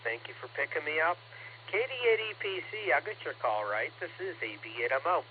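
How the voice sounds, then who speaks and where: A man's voice: fairly high pitch, animated, a little fast. A man checking into an amateur radio net, chatting in a rambling, self-deprecating way over the air. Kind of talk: casual radio chat. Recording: tinny radio transmission with faint noise.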